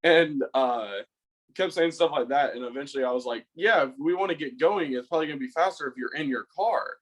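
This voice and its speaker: On a rough recording, a podcast co-host, a young man with a slightly high, somewhat bright voice, talks fairly quickly. It's casual storytelling: he rambles about a fight, curses freely, and performs the things he said.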